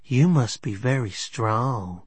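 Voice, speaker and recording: A man voicing a flirtatious, tipsy woman at a bar, speaking in a slow teasing drawl. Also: mid-range voice, lively intonation, husky, dry recording, exaggerated voice. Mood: flirty.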